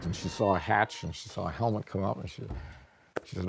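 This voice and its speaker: A man in an interview telling a family anecdote in an animated way. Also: low-pitched, fairly quick, vocal fry, husky. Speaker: interviewee retelling his mother's story. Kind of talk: interview storytelling.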